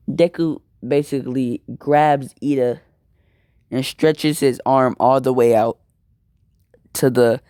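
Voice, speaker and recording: Young man narrating an improvised fan story, casual and rambling, slow mellow delivery. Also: medium pitch, clean tone, no room sound, studio quality. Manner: slangy, rambling, repeats words.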